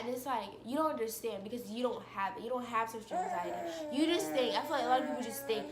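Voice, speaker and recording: A woman's voice: fairly high pitch, fast talker, few pauses, roomy sound, a loud crowd. A young woman vlogging about her own experiences, hesitant and full of fillers and restarts. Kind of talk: personal confessional talk to camera.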